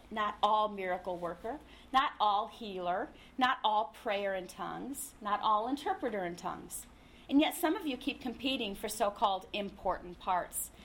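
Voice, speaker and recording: A woman's voice: medium pitch, a little hiss or hum. A woman preaching a sermon in a conversational, humorous way, acting out little quotes as she teaches.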